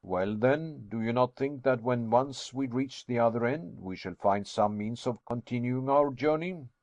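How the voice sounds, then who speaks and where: A learned old professor holds forth with emphatic confidence, as a man puts him on. His delivery is loud and lecturing, recorded dry and close. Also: mid-range voice, measured pace, dry recording, dull audio, natural voice.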